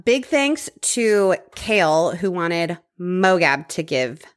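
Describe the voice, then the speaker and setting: A woman's voice: fairly low pitch, very animated, slow, smooth. A woman co-hosting a podcast, chatting casually and teasing with frequent laughter. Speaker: podcast co-host. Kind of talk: casual chat.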